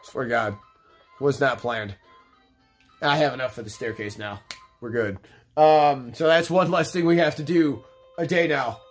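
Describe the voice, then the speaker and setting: A man's voice: mid-range voice, measured pace, long pauses, faint music behind. A young man hosting a let's play, chatting casually in a rambling, profane, laid-back way while stoned. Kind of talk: casual gameplay commentary.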